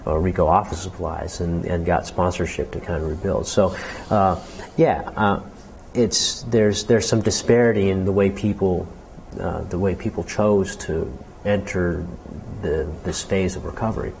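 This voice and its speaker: A man being interviewed as a jazz clarinetist, talking reflectively with many restarts and growing animated when he quotes others. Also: low-pitched, unhurried, gravelly, a little hiss or hum, rough recording.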